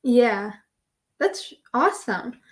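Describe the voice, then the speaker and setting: A woman's voice: a little high, big pitch swings, slow pace. A woman interviewing a guest in a casual way, mostly giving short affirming replies and asking questions. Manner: brief affirming backchannels.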